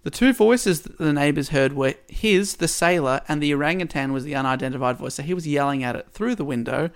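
A podcast host retelling a story's plot in a casual way, with dry asides along the way. His voice is gravelly and sits a little high for a man. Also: fairly quick.

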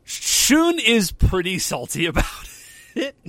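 Man co-host, fairly high voice, lively and agreeable, dry close mic. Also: slow pace, no echo. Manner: agreeable, chiming in, acts out quotes. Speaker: podcast co-host. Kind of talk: casual chat recapping a show.

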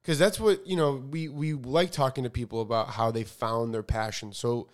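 A young man co-hosting a podcast in relaxed, rambling casual chat. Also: medium pitch, normal speed. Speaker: podcast co-host.

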